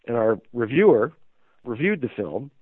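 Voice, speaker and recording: A man who owns a magazine tells a story as an interview guest, rambling and hesitating with lots of fillers. His mid-range voice swings widely in pitch at a normal speed, heard dry over a tinny phone line.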